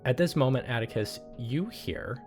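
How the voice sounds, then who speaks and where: A man's voice: medium pitch, lively intonation, normal speed, a little mellow, soft background music. A man narrating a tabletop game as game master, casual and hesitant with many fillers.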